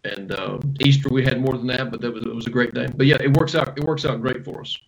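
A pastor, answering interview questions in a relaxed, storytelling way with self-deprecating humor. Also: male voice, mid-range voice, quick pace, creaky, low-quality recording.

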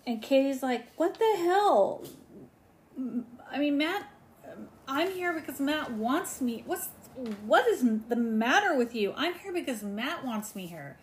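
A young woman co-hosting a casual recap chat, talking fast and acting out the quotes she retells. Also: high-pitched, big pitch swings, slight background noise. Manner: chatty, acts out quotes with emphasis. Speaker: podcast co-host.

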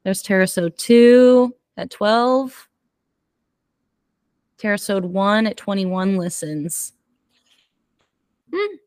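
A woman's voice: mid-range voice, expressive, drawn-out words, long pauses, darkish tone, clear, resonant tone, dry recording, clean studio sound. A woman co-hosting a podcast in casual chat, playfully reading out listener stats. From United States. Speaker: podcast co-host.

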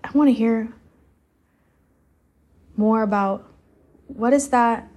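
A young adult woman, voicing her solo podcast with a slightly high voice. She talks in a loose, open, meandering way, full of "like" and restarts as her thoughts unfold. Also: slow pace, dark tone. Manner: loose, rambling and candid, with frequent "like" and laughs. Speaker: podcast host.

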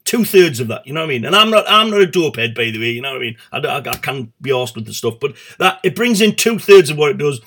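A man's voice: medium pitch, big pitch swings, fast talker, few pauses, fairly bright tone. A middle-aged man hosting a satirical comedy show, rambling and swearing with stumbling restarts.

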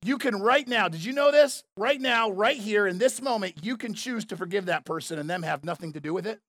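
A man's voice: high voice, expressive, fairly quick, a bit bright, no echo. A man preaching a sermon as a pastor, emphatic and conversational, repeating his key phrases. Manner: emphatic, repetitive, conversational preaching with asides to the crowd.

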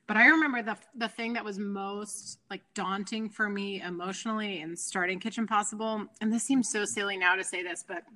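A woman in her thirties, a nonprofit founder, talking as a guest in a casual interview, animated and chatty with frequent laughs and fillers. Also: medium pitch, brisk, hardly any pauses.

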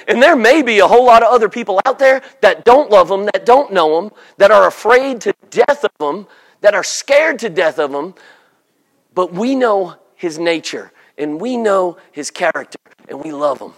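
A man preaching a sermon, animated, slipping into mock voices for the people he describes. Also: sits high, normal speed.

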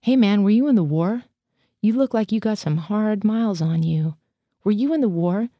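A woman's voice: mid-range voice, animated, normal speed, no room sound, muffled recording, pitched above the performer's own voice. A woman voicing a restless, talkative AWOL male Marine veteran with a blunt, profane way of talking. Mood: chatty.

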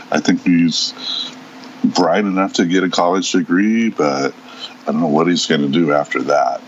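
A man's voice: sits low, muffled recording, slight background noise. A man co-hosting a podcast in casual chat, giving blunt, sarcastic opinions. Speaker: podcast co-host.

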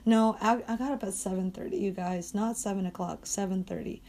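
A woman's voice: mid-range voice, fairly even intonation, fairly quick, mellow. A young adult woman talking alone on her podcast in a casual, rambling way, blunt and full of swearing and fillers like "like".

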